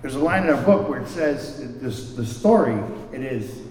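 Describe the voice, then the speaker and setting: In an animated, medium-pitched voice with a darkish tone, a man speaks at a normal pace during a recovery meeting. He tells a personal story candidly and pokes fun at himself, frequently repeating words as he searches for them. The recording is distant and echoey, made in a hall with slight background noise.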